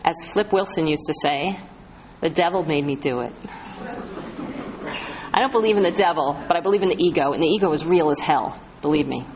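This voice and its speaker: Woman, spiritual medium, inspirational talk, earnest storytelling, low-ish voice, dull lo-fi sound, faint hiss. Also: a little mellow. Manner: earnest storytelling with emphatic slowed phrases. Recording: slightly muffled lo-fi recording.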